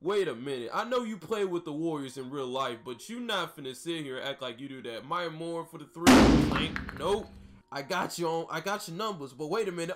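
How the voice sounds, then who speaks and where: A man commentating his own basketball video game in a high, excited voice, full of slang, hype and trash talk. Quiet game music plays underneath him. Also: brisk. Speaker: gaming YouTuber. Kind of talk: gameplay commentary.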